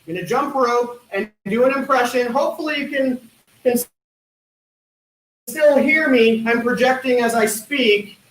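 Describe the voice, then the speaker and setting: A man doing stand-up one-liners at an online talent show, with a deadpan punning delivery and hesitant fillers. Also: very high voice, unhurried. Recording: echoey room.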